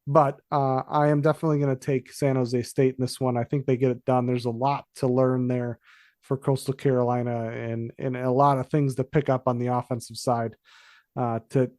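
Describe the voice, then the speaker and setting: A man's voice: medium pitch, fairly even intonation, brisk, a little mellow, no echo, studio quality. A man co-hosting a sports podcast, talking through picks in a rambling, casual way with fillers and self-corrections. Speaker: podcast co-host. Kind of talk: casual sports betting chat.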